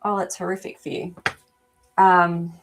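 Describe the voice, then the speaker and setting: A woman with a slightly low voice hosts a live animal communication stream. She talks casually and feels her way toward words, filling pauses with frequent ums as she reacts to viewers' comments. Faint music plays underneath. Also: level tone.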